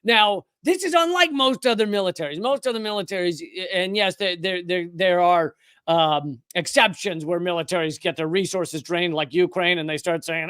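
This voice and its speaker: Man, high voice, dry close sound, live-stream commentary, rambling, sarcastic asides. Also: normal speed, fairly bright tone, clear, resonant tone, dry recording. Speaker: political commentator host.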